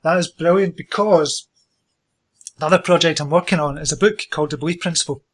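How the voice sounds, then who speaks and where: A man hosting an interview, enthusiastic and encouraging as he asks his guest questions. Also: fairly high pitch. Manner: enthusiastic, encouraging, quick to praise. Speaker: interview host. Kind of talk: conversational interview.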